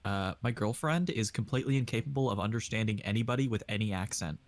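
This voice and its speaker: A man in a casual podcast chat, telling a relaxed story and laughing often. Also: on the low side, quick pace.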